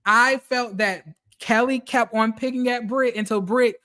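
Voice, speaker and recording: A man recapping a reality TV episode in casual commentary, animated and profane, talking straight to his viewers. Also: extremely high pitch, a little slow.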